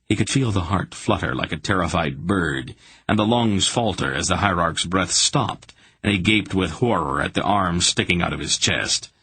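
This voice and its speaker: A man narrating an audiobook in a steady, measured storytelling manner. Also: deep voice, breathy edge. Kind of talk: scripted narration.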